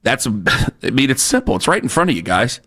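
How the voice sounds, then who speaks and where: A man's voice: medium pitch, sing-song, quick pace, fairly bright tone. A man hosting sports talk radio, ranting in a fired-up, repetitive, challenging way on a studio microphone.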